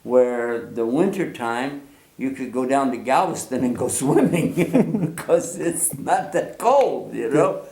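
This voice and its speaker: Man, 60s, from the United States, gravelly voice, roomy echo, casual storytelling, animated and chuckling. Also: medium pitch, slow. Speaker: storyteller guest.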